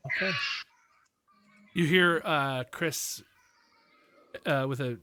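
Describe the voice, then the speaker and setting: A man running a tabletop fantasy game as game master, relaxed and quick to laugh, with plenty of fillers. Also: fairly high pitch, noisy background.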